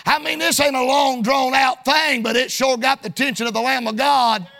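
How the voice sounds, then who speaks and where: A male preacher delivering a sermon in a sing-song cadence, often shouting, with folksy colloquial phrasing. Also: very high-pitched, steady tone, normal speed, vocal fry.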